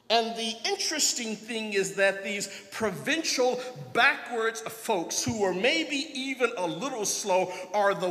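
A man's voice: very high voice, fairly bright tone. A male priest giving a sermon in a folksy, joking way, speaking directly to his congregation. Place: large church. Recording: echoey church hall, long reverb.

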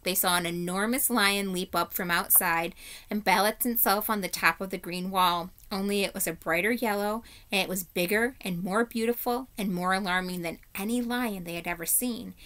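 A woman teacher reading a children's novel aloud in steady, clear storytelling narration. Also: medium pitch.

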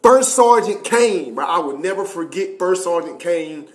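A man's voice: high voice, animated, unhurried. A young man telling a loose, profane, slang-filled story on a casual livestream. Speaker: streamer. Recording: echoey room.

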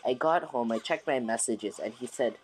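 A man's voice: medium pitch, normal speed, a little hiss or hum. A man hosting his own gaming channel, chatting casually to viewers in a rambling way with many restarts and fillers. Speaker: gaming YouTuber host. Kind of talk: casual let's-play commentary.

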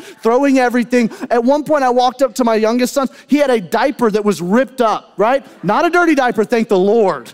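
High-voiced pastor preaching in a hall. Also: male voice, brisk, few pauses, clear, resonant tone. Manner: conversational, rhetorical questions and asides to the congregation. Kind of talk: sermon. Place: church sanctuary. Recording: long hall reverb.

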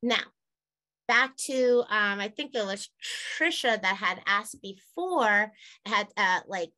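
This is a middle-aged woman teacher talking parents through a classroom lesson. She is frank and chatty and amused by her own jokes. Her voice has a bright, forward tone. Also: mid-range voice, animated, slow. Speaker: health teacher.

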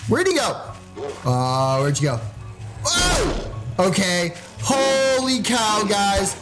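A man hosting a gaming channel, giving loud, excited gameplay commentary and yelling into his desk mic with sudden high shrieks. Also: slow pace, poor audio. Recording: music playing behind.

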